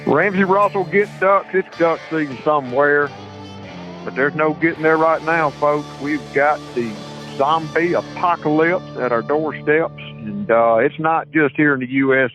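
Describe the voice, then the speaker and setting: A man's voice: mid-range voice, no echo. Folksy Southern man on a tinny line. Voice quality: folksy, repeats words. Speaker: podcast host. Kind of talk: casual chat. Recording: tinny phone-like line, dry.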